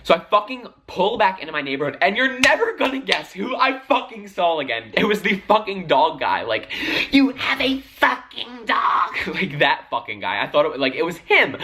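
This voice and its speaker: A man's voice: fairly high pitch, sharp tone, slight background noise. A young man telling a heated storytime vlog, talking animatedly, swearing constantly and filling his sentences with "like" and "literally". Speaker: vlogger.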